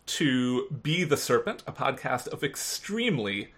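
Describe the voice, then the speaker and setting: A woman's voice: extremely low pitch, very animated, a little slow. A woman hosting a podcast, chatting casually with a guest, laughing often and restarting her sentences. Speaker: podcast host. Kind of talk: casual podcast chat and outro.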